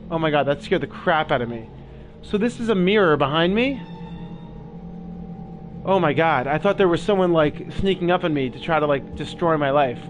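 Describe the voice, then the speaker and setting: Jumpy young man reacting to a horror game. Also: fairly high pitch. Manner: jumpy, swearing, talks to viewers. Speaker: gaming video host. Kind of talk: scared let's-play commentary.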